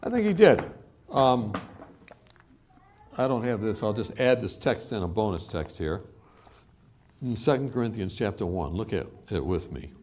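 A man's voice: on the low side, normal speed, long pauses, slight background noise. A male preacher giving a sermon in a church, telling stories with humor and laughter. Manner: animated storytelling with laughter.

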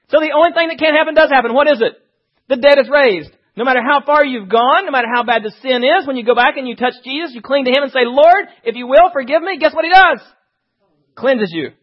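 A man preaching a sermon, reading scripture and talking fast with animated asides. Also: very high voice, lo-fi sound.

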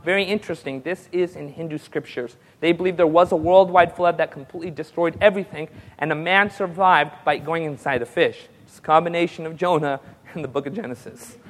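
A man preaching a sermon, telling stories and rising to excited peaks with call-and-response amens. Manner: storytelling, builds to excited high-pitched peaks. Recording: long hall reverb.

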